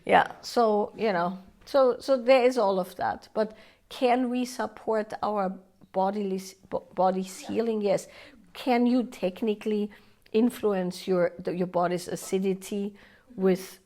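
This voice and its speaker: A woman's voice: mid-range voice, fairly even intonation, a little slow, mellow. A woman leading a live workshop, talking conversationally with frequent "right?" and "yeah" tags and acting out inner voices in quoted asides. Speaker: workshop teacher.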